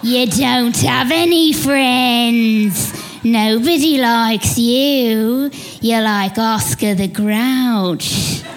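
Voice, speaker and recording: A man voicing Gollum, a twisted creature with a split mind who bickers with himself in drawn-out, hissing words. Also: very high-pitched, exaggerated voice. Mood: bickering. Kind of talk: comedic parody voice acting.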